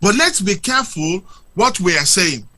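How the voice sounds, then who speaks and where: Very bright, high, animated male speaker. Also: normal speed. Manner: emphatic, lecturing, rhetorical questions. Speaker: guest speaker. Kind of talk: impassioned argument on a talk show.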